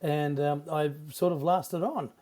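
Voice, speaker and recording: An older Australian man, a veteran radio broadcaster, reminiscing in a rambling, halting way with many restarts. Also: fairly high pitch, fairly even intonation, a little mellow. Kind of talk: casual reminiscing interview.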